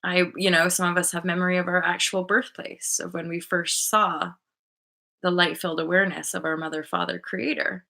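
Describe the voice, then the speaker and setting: Bright-sounding woman rambling about spirit stuff, lots of "like", swears a bit. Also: on the low side, flat delivery, normal speed, vocal fry. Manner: rambling, loose, sprinkled with "like" and swearing. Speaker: spiritual coach and channel host. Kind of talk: casual spiritual monologue.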